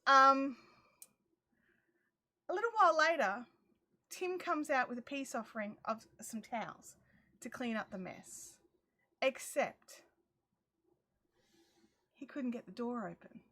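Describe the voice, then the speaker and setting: Speaking slowly and pausing often, a woman from Australia shares a funny tale with viewers over a phone livestream from her craft shed. She's chatty and lively, voicing everyone in the story, including her own lines, in a high, bright and forward voice.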